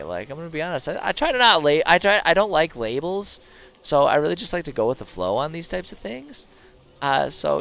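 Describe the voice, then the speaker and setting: A man's voice: medium pitch, lively intonation, normal speed, creaky, a bit bright, clean tone. A man streaming a video game, commenting casually with sarcastic jokes at the characters. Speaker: gaming streamer.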